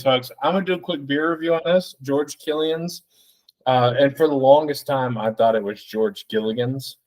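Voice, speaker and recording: A man hosting a solo podcast, rambling and joking with plenty of swearing, a bit tipsy from the beers. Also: mid-range voice. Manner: rambling, profane, jokey. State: tipsy from drinking beer. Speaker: podcast host. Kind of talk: solo casual podcast rant.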